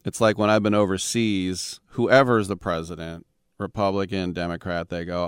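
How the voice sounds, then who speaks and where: Low, smooth-voiced sports radio host. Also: male voice, steady tone, normal speed, no echo, clean studio sound. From San Francisco Bay Area. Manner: wry, rambling, sarcastic asides. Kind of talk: sports talk radio monologue.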